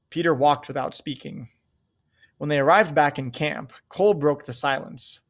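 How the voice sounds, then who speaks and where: A man reading a novel aloud in a steady, measured way. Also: on the high side, gravelly. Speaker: reader.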